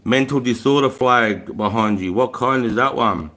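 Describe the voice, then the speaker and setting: Australian man, casual live-stream chat, mid-pitched voice, rambling, easygoing, swears freely. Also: measured pace, a bit bright. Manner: rambling, laid-back, swears freely, often laughs. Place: room at home with a fire going.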